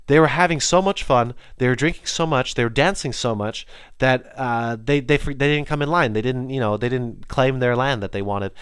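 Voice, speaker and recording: A man's voice: medium pitch, moderate pace, fairly bright tone, clean tone, dry recording, clean studio sound, voice pushed up, lightly acted. A man voicing God as a jolly, generous male creator, in a chatty, offhand storytelling tone. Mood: surprised, generous.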